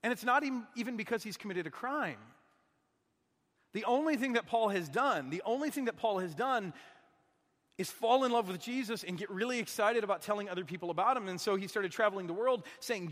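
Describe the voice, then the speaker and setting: High-voiced man preaching in a hall. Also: animated, fairly quick, a bit bright. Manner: earnest, conversational, asks the crowd questions. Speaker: guest preacher. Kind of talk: sermon.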